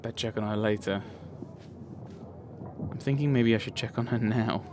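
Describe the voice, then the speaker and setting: A man's voice: on the low side, normal speed, noisy background. A man hosting a let's play, thinking aloud with wry, puzzled asides while reading game dialogue.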